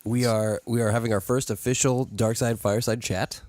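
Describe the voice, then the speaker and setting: A man's voice: medium pitch, steady tone, fairly quick, a little mellow, no room sound. A man with a nasal voice and a head cold, co-hosting a casual roundtable podcast and joking and laughing often. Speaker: podcast co-host. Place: living room of a house with a fireplace. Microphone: studio microphone.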